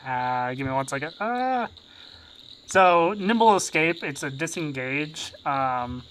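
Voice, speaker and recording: A tabletop player, a woman with a low voice, speaks slowly and unsure while she works out a rule. Faint crickets can be heard behind her. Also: lively intonation, slight background noise, poor audio. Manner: hesitant, checking rules. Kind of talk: tabletop game play.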